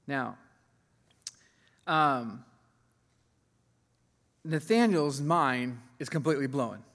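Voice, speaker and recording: Animated male preacher in a reverberant hall. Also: on the high side, moderate pace. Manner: animated, laughs often, voices quoted figures. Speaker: pastor. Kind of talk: sermon.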